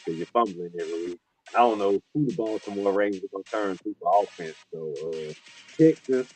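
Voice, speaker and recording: A man co-hosting a casual sports talk show over a video call, talking in loose slang and swinging from a low mutter to excited rants. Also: slightly rough, low-quality recording. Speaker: co-host.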